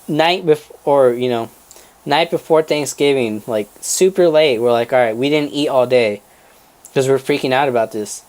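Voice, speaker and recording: A young man on a casual podcast, telling a family story with lots of swearing and laughter and acting out relatives' voices. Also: mid-range voice. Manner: animated, acts out family members' voices, swears freely, laughs mid-story. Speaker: podcast co-host.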